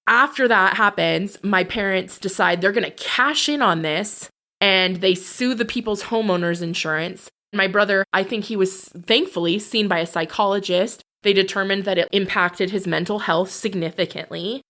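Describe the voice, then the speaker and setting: A woman's voice: mid-range voice, moderate pace, sharp tone. A woman, a podcast guest, telling her own life story in a blunt, candid, profane way. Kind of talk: personal storytelling.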